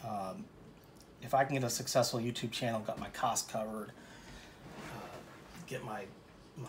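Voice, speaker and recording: A man's voice: medium pitch, a little hiss or hum. Rambling, joking male painting teacher. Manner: rambling, joking and self-deprecating. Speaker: painting instructor. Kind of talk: casual painting tutorial talk.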